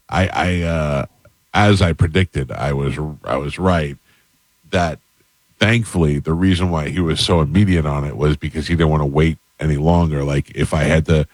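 A middle-aged male radio host with a very low voice tells a story in a relaxed, deadpan way, playing both sides of his phone calls. He is recorded close on a studio mic in a dead-dry room. His delivery stays unhurried and matter-of-fact. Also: no room sound. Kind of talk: casual on-air chat and storytelling.

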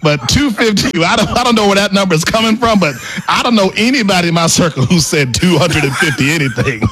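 A man's voice: high voice, lively intonation, fast talker, a bit bright, soft background music. Teasing man co-hosting radio. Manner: laughing, teasing. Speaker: radio co-host. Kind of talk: casual radio banter.

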